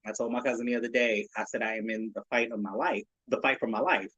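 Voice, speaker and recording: A man's voice: mid-range voice, fairly even intonation, fast, fairly bright tone, slightly rough, no echo, highs cut off. A man in his late thirties hosting his own podcast, talking casually and animatedly, swearing, laughing and acting out people's reactions. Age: 30s. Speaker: podcast host. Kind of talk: casual solo podcast talk.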